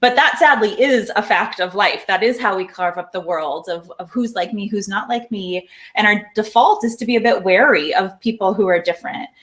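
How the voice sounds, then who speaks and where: A woman's voice: mid-range voice, moderate pace, few pauses, a bit bright. A middle-aged woman, a psychology professor, answering interview questions in a thoughtful, explanatory way, sometimes repeating words as she thinks.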